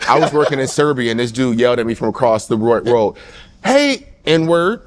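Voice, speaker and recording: A man in a podcast discussion, speaking in a measured, explanatory way. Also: medium pitch, a little hiss or hum. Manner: measured, explanatory, agrees often. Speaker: podcast guest.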